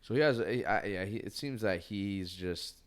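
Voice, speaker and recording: A laid-back male podcast host with a very low, deep voice. He asks casual questions and keeps nodding along with quick yeahs. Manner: laid-back, reacts with short agreements.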